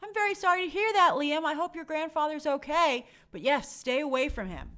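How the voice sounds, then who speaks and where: Brief: young adult woman, slightly high voice, casual chatty live-stream host reading viewer shout-outs. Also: lively intonation, brisk. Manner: chatty, friendly, reads names aloud.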